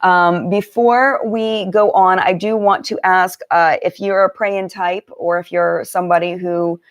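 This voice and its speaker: A woman's voice: fairly low pitch, fairly even intonation, measured pace. Chatty woman hosting a live stream. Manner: chatty, warm greetings to viewers, many fillers. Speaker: beauty channel host. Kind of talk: casual live-stream chat.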